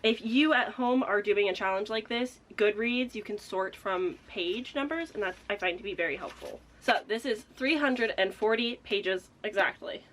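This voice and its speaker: A young woman chatting casually as a book vlogger, excitable and laughing often, a little out of breath. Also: mid-range voice, moderate pace, few pauses, slight background noise. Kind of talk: casual vlog chat.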